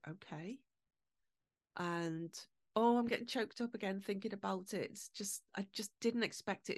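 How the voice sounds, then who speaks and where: In studio-quality audio with no echo, a middle-aged English woman speaks in a mid-range voice. As a podcast host delivering a personal storytelling monologue, she's candid and emotional, with swearing and quick asides.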